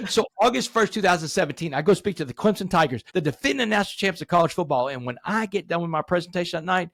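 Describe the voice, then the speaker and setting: A man in his forties, a podcast guest, telling his story emphatically and rising to animated peaks. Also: high voice, fast, no echo, studio quality. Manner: addresses host directly, asks rhetorical questions. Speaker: podcast guest, motivational speaker.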